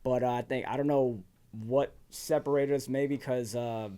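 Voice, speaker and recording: A man's voice: mid-range voice, fairly even intonation, moderate pace, warm tone, smooth. A man from Virginia with a slight Southern twang, a firefighter guest telling stories casually and acting out quoted asides. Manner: laid-back, drops into quoted asides, laughs often. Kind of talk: casual storytelling.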